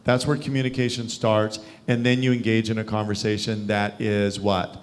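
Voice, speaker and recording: A man's voice: on the low side, flat delivery, moderate pace. A man leading a sales training over a video call, coaching and quizzing his listeners. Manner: coaching, asks the group questions. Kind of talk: live training session.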